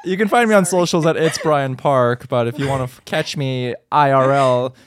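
A man's voice: mid-range voice, moderate pace, a crowd in the background. A man co-hosting a podcast, easygoing and upbeat. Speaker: podcast co-host. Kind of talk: casual podcast chat.

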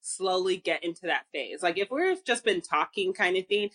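A young woman co-hosting a podcast in casual chat, an expressive storyteller who acts out what others say. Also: lowish voice, normal speed, breathy edge. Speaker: podcast co-host.

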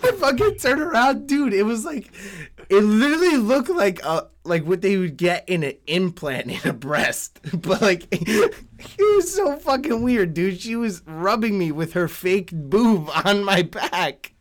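A young man telling a story in casual chat, swearing often, laughing and getting animated. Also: high voice, unhurried.

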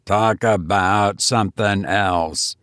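A man's voice: takes it slowly, fairly bright tone, no echo, clean studio sound. A man voicing a stern, short-tempered man who speaks bluntly and with restraint. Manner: blunt, curt, low and restrained.

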